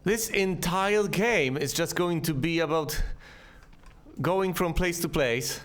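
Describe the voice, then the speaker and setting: A man's voice: on the high side, takes it slowly, fairly bright tone. A man giving sarcastic gameplay commentary and talking back to the enemies on screen. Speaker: let's play host.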